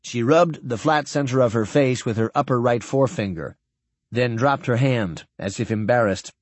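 Husky, expressive male narrator. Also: medium pitch, normal speed, dry recording. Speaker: audiobook narrator. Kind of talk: scripted narration.

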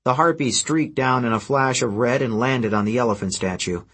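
A man narrating a fantasy adventure story in a steady, even storytelling manner. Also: mid-range voice, moderate pace, breathy edge. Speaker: audiobook narrator. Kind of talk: scripted narration.

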